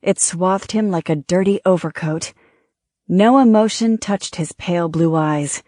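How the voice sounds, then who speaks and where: A woman narrating an audiobook with a steady, measured delivery. Her voice sits on the low side and the recording is close and completely dry. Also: no echo.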